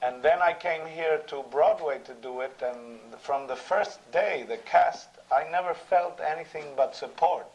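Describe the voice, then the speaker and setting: A stage actor answering an audience question on a panel, earnest and reassuring. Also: male voice, fairly high pitch, a little slow, hardly any pauses, darkish tone. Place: theatre seminar before an audience. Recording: muffled old recording.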